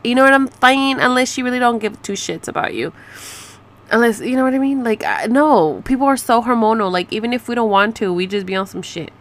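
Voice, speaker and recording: A woman's voice: on the high side, brisk. A woman in her thirties ranting casually to camera, sarcastic and swearing freely, with bits of Spanish slang. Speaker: vlogger.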